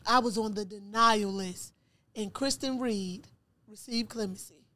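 A woman's voice: mid-range voice, a little slow, a bit bright. A woman guest on a podcast, telling her life story in conversation and acting out dialogue from her memories. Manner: repeats words for emphasis.

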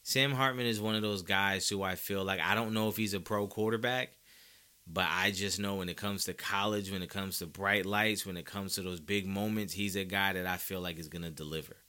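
A man's voice: sits low, steady tone, brisk, bright, forceful tone, clear, resonant tone. A man hosting a sports podcast, giving emphatic, opinionated commentary straight to his listeners.

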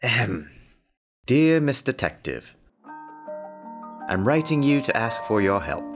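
A man's voice: mid-range voice, very animated, slow pace, faint music behind. A man doing a genteel stranger with a fake English accent. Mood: polite. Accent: put-on English. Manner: courteous, genteel. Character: polite, mysterious male stranger. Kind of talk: audio drama acting.

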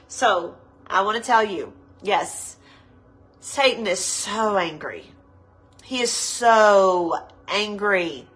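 A woman preaching a livestreamed sermon to women, her nose stuffed up, slow and emphatic, repeating her points with passion. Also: mid-range voice, fairly bright tone, rough recording.

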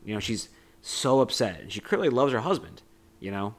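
A man's voice: medium pitch, animated, fairly quick. A man co-hosting a podcast, casually retelling a film scene with lots of "like" and "you know". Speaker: podcast co-host. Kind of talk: casual movie discussion.

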